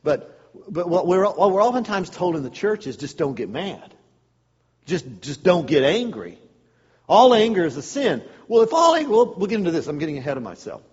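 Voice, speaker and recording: A man gives a funny sermon-style talk, acting out stories with sarcastic asides. His voice is a little husky and swings widely in pitch. The sound is muffled, with a long echo in a large hall. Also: moderate pace. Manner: storytelling, animated, sarcastic asides. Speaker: speaker at a men's church event.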